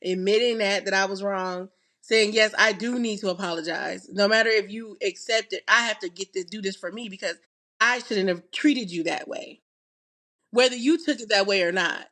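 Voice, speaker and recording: A woman's voice: medium pitch, moderate pace, a bit bright. A woman co-hosting a casual chat, reflecting on her week and acting out what she told people.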